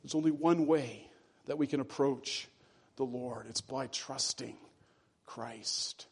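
A man preaching a sermon to his congregation, earnest and deliberate, slowing down and dropping his voice to stress key phrases. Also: mid-range voice, slightly rough. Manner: earnest preaching, slows and drops for emphasis. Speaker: pastor.

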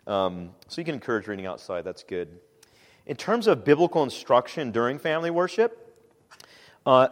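A man speaking as a pastor, giving a relaxed, conversational church teaching talk with frequent "um"s. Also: mid-range voice, long reverb tail. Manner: relaxed and conversational, with frequent "um"s and animated quoted asides.

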